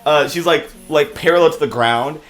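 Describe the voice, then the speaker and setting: A man's voice: fairly high pitch, normal speed, a bit bright, faint music behind. Laid-back man running a tabletop game. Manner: loose, laughing, casual narration. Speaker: game master.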